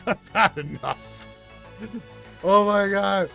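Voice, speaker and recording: A man's voice: sits high, sing-song, moderate pace, a bit bright, soft background music. A man streaming, giving crude, rambling reaction commentary, mocking what he plays and laughing often.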